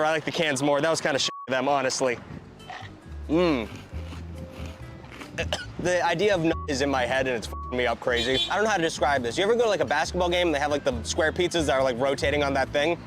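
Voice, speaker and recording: A man giving blunt, profane, jokey food reviews in a casual vlog, recorded outdoors. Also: a little high. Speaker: food reviewer in a played video.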